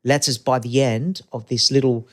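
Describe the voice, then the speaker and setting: A man's voice: mid-range voice, fairly even intonation, normal speed, fairly bright tone. A man, a guest telling rambling stories in a casual interview and acting out the voices of people he quotes. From Australia. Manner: chatty, rambling anecdotes, acts out quoted voices.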